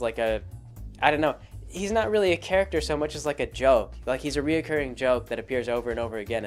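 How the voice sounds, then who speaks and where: A man hosting a casual spoken commentary, rambling along with many fillers and restarts. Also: medium pitch. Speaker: host.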